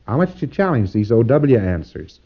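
A man's voice: medium pitch, sing-song, breathy edge. A man giving a lecture to trainees, folksy and wry, acting out short exchanges as he talks. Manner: folksy, wry, acts out exchanges in quick asides. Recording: dull lo-fi old tape recording.

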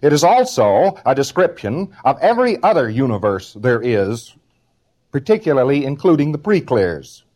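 A man's voice: mid-range voice, very animated, moderate pace, a little mellow. A man delivering an informal spoken lecture in a conversational, wry manner, now and then acting out short quotes.

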